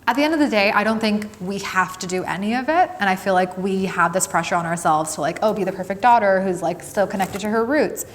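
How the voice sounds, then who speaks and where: A woman's voice: medium pitch, expressive, quick pace, few pauses, in a large hall. Casual upbeat woman in an interview. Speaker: actor.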